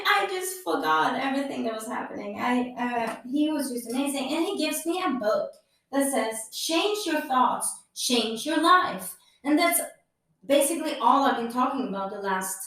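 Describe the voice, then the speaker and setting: Chatty woman in an echoey room. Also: high-pitched. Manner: animated, laughs often, swears casually. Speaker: podcast host. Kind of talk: casual storytelling. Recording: echoey room, far from mic.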